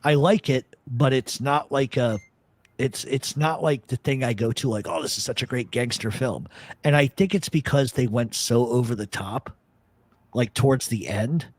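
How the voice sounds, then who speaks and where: A man's voice: medium pitch, normal speed, dry recording. A man hosting a casual talk show, rambling and swearing as he chats about old films. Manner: profane, rambling, animated storyteller. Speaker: podcast host. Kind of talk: casual chat.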